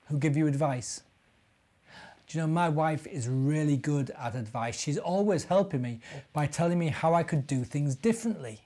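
A man, a minister, gently reading a storybook and talking to young children. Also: a little high.

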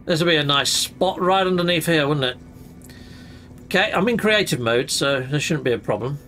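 A man chats through his gameplay, full of exclamations and mild stand-in curses. His voice is bright and fairly high. Faint music plays softly behind him. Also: lively intonation, normal speed. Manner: chatty, exclamatory, minced swearing. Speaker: gaming channel host. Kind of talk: casual gameplay commentary.

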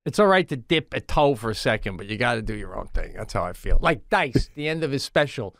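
A middle-aged man co-hosting a comedy podcast in casual chat, telling stories in an animated way, laughing often and swearing freely. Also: medium pitch, brisk, no echo, clean studio sound. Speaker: podcast co-host.

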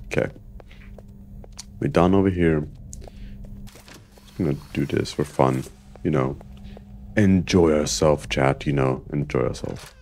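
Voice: extremely low pitch, slow pace, creaky, long pauses, darkish tone. A gaming streamer giving casual, joking commentary while playing, talking to himself and to the game.

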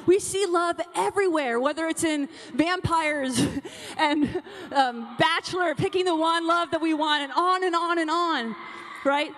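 A woman's voice: very high voice, measured pace, fairly bright tone. A young adult woman speaking to a conference of teen girls in a bubbly, chatty way, calling out to the crowd. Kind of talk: energetic talk to teen girls. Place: large conference hall. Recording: long hall reverb.

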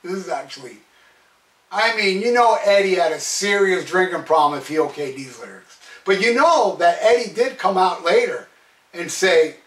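A man's voice: high-pitched, expressive, moderate pace, fairly bright tone. A man reviewing albums in a casual monologue, profane and sarcastic. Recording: echoey room, mic at a distance.

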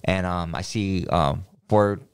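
Middle-aged male interview guest, lowish voice, slangy and rambling storyteller. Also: slow pace, gravelly, smooth. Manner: rambling, full of street slang and repeated words. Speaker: podcast guest.

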